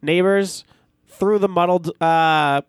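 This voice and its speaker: A man with a slightly raised pitch talks slowly in a casual chat, meandering through his explanations. The sound is dry and close, with no roominess. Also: steady tone, smooth, no echo.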